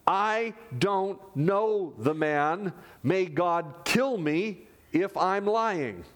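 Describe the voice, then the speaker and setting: A man's voice: high-pitched, lively intonation, very slow, a bit bright, voice pushed up, exaggerated voice. A man voicing a frightened, boastful male disciple in a sermon, pleading at one moment and smugly counting at another. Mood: desperate.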